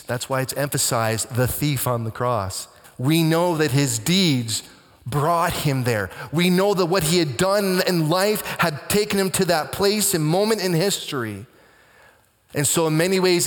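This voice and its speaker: A male pastor preaching a sermon with dramatic swings between hushed and booming delivery. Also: long reverb tail.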